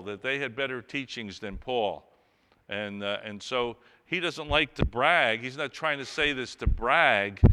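A man's voice: medium pitch, pushed and bright, clear, resonant tone, big-room sound. A man preaching a sermon, earnestly reading and explaining scripture with rising emphasis.

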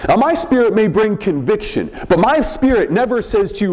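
A man preaching a sermon as pastor, teaching in a measured way and often repeating words as he goes. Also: high voice, sing-song, darkish tone. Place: church sanctuary. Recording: long reverb of a large hall.

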